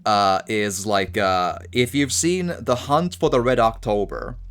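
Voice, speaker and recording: A man's voice: lowish voice, measured pace, a bit bright, clean tone. Rambling, stammering male gaming streamer. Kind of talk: casual let's-play commentary.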